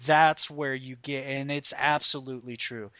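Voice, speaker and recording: Profane, bright-voiced podcast host ranting. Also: male voice, mid-range voice, normal speed, clean tone, no room sound. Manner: profane, animated, opinionated. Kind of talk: casual podcast rant about wrestling.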